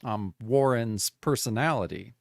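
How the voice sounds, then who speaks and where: A man co-hosting a podcast, talking casually about a comic book, swearing freely and getting animated as he reads out the panels. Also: mid-range voice, unhurried, vocal fry, dry recording, clean studio sound. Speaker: podcast co-host.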